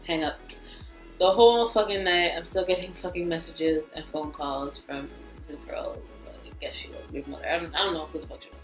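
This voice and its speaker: A young woman with a lowish voice tells her story straight to camera, blunt, profane and fired up. The room rings with echo, and faint music runs behind her. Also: steady tone, fairly quick. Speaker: vlogger. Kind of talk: storytime vlog.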